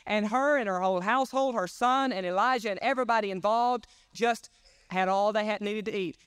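A male pastor preaching a sermon in an emphatic, folksy storytelling way. His voice is high and clear. The recording is close and dry. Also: a bit bright, no echo. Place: church service.

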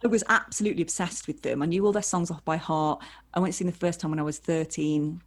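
Low-voiced woman telling rambling stories. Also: fairly even intonation, fast. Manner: rambling, self-deprecating storyteller with acted-out quotes. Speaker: guest. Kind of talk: casual anecdotal chat.

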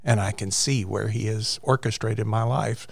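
A man who is a pastor and podcast guest in a studio, telling relaxed, folksy stories. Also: fairly low pitch, moderate pace, creaky, dry recording. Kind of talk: casual storytelling chat.

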